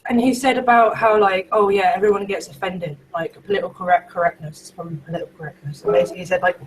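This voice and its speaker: A woman's voice: medium pitch, fairly even intonation, fast, low-quality recording. A woman hosts a casual live video chat with her friends. She rambles through stories in a loose, chatty way. A faint hiss sits under her webcam mic. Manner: chatty, laughs often, rambling retellings. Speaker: host. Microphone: home computer mic on video call.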